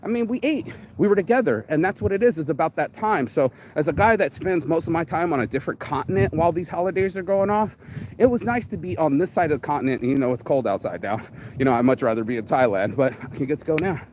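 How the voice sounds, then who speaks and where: A man with a somewhat high voice rambles through a casual motivational livestream chat. He talks in a loose, streetwise way, swearing freely and dropping "bro" often. A faint hum of room ambience sits behind him. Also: expressive, fast, darkish tone. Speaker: vlogger.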